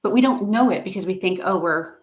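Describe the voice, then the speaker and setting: A woman's voice: mid-range voice, a little fast. A woman talking as an interview guest, upbeat and encouraging, laughing often, heard over a video call. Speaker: guest, content coach. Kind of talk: casual interview chat.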